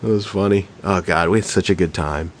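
A middle-aged man co-hosting a podcast tells stories in a casual chat, animated, profane and laughing. His voice is low-pitched and his delivery brisk.

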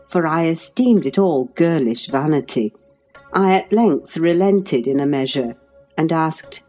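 A woman narrating a classic novel in a measured, expressive storytelling voice. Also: sits low, faint music behind. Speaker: audiobook narrator.

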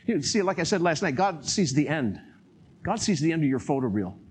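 An older man preaching a sermon in an animated way, acting out quotes and chuckling as he talks. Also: fairly high pitch, a little fast, breathy edge.

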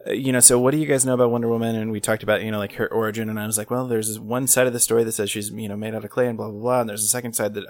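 A man in his thirties chats through a movie review at a brisk clip, full of ums and restarts. His voice sits a little low, and the sound is dry and close with no room around it. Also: flat delivery, dry recording. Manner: rambling, self-correcting, frequent ums. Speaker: podcast co-host. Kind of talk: casual movie review chat.

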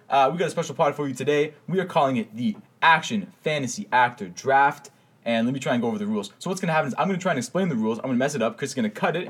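A man's voice: medium pitch, breathy edge. A man co-hosting a podcast from a studio, introducing guests like a boxing announcer and rattling through the rules in casual chat. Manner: hyped boxing-announcer delivery in intros, rapid rule explanations. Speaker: podcast co-host.

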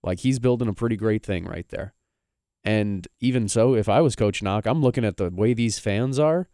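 A man's voice: fairly low pitch, normal speed, mellow, smooth, no room sound, clean studio sound. A man co-hosting a sports radio show, talking casually in long opinionated runs. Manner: opinionated, rambling, argumentative. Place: radio studio.

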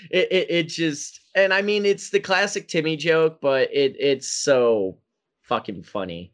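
A man co-hosting a casual podcast who talks in a relaxed, laid-back way. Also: fairly high pitch, a little slow. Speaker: podcast co-host.

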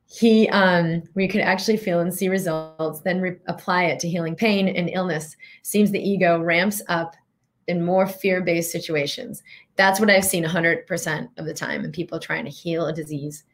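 Middle-aged female wellness coach, earnest and reflective, lower pitch, steady teaching delivery. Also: normal speed. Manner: earnest, reflective, with guided questions. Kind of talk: teaching talk to listeners.

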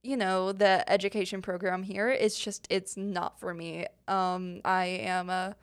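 A woman's voice: fairly low pitch, little pitch movement, measured pace, smooth. A young woman hosting a podcast, answering listener questions in a rambling, casual chat full of fillers and giggles. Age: young adult. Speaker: podcast host.

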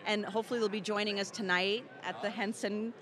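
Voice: mid-range voice, fairly even intonation, brisk, crowd noise. An enthusiastic puppet costume designer explaining their craft in a casual interview. The voice sits mid-range and the talk lingers on fine details.

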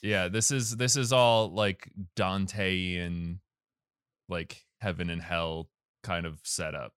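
A podcast co-host bantering casually, teasing the others with playfully irreverent remarks. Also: female voice, rumbling low, fairly even intonation, slow, smooth, dry recording, studio quality.

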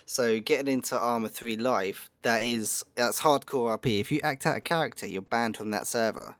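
A man's voice: mid-range voice, moderate pace, fairly bright tone, no room sound. Male co-host, casual gamer chat, rambly delivery full of fillers, dry close sound. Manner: rambling, frequent fillers and restarts. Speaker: podcast co-host.

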